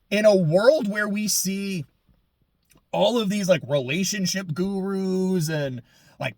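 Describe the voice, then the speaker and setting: Male anime reviewer with a high voice, dry close mic, casual and sarcastic with lots of swearing. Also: dry recording. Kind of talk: video essay commentary.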